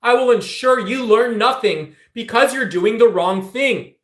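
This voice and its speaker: Heated man with a high voice. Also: unhurried, fairly bright tone. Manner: heated, confrontational, addresses viewers directly. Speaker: political streamer. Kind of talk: livestream rant to chat. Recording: echoey room.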